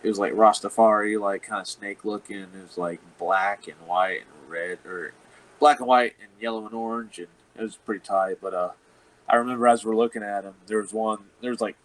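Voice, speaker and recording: A man's voice: on the low side, steady tone, fairly quick, a bit bright, low-quality recording. A man, a wrestler, telling a rambling, profane story in casual chat and laughing often. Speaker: professional wrestler guest.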